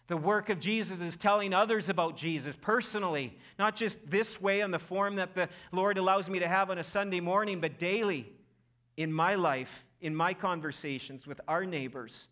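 A middle-aged male pastor preaching a sermon in a church, impassioned, who acts out quotes loudly. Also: on the high side. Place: church auditorium.

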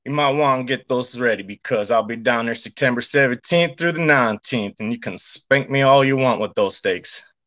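Folksy man with a bright voice. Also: mid-range voice, normal speed. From Texas. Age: young adult. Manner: folksy, drawling. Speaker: caller.

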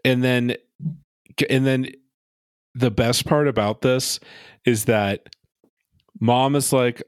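A man's voice: medium pitch, steady tone, slow pace, pauses often, clean tone, dry recording. Sarcastic man on a dry podcast mic. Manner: sarcastic, swears freely, acts out quotes in silly voices. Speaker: podcast co-host. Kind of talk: casual chat recapping a reality show.

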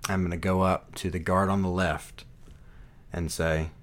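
A man playing a tabletop game, relaxed and joking as he asks the game master questions. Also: sits low, a little slow. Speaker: player. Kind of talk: casual tabletop game play.

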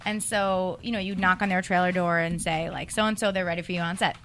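A woman guest telling animated stories in casual chat, acting out quoted phone calls. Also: lowish voice, a little fast, a little hiss or hum.

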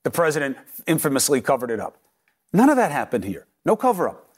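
News anchor guy, slightly high voice, punchy and emphatic, lots of rhetorical questions. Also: huge pitch swings, fast. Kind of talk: opinion commentary segment.

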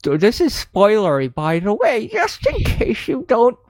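A doddering old-timey elder, as a woman puts it on for a podcast bit, drawls through a letter in a rambling old-person way. The voice swoops up and down with lively pitch, and the delivery is unhurried and measured. The sound is close and dry. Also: dry recording, full character voice, poor audio. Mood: folksy. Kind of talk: podcast bit, reading listener mail.

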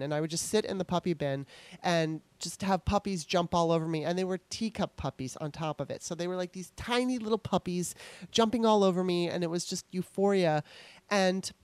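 A woman's voice: on the low side, brisk, no room sound. Chatty woman podcast host, dry close sound. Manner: chatty, rambling storytelling with warm asides. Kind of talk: casual solo podcast talk.

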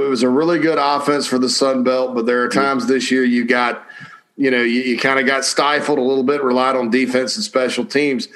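A man's voice: mid-range voice, fairly bright tone. An easygoing male podcast co-host. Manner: easygoing, agreeable, asks questions. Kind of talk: casual sports talk.

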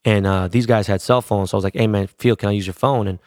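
A middle-aged man from LA, a DJ and producer, speaks in a lowish, steady, slightly mellow voice while casually telling a story laced with swearing and street slang. He quickly acts out others' voices, and the clean studio sound has no echo.

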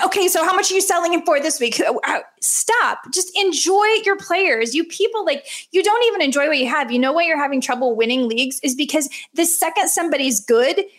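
A woman hosting a podcast, ranting in an animated, sarcastic way about fan habits. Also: sits high. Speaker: podcast host. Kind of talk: casual podcast chat.

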